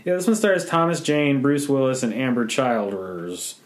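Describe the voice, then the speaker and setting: A podcast co-host riffing on a bad movie in casual chat, animated and mocking, acting out quotes in silly voices. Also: mid-range voice, moderate pace.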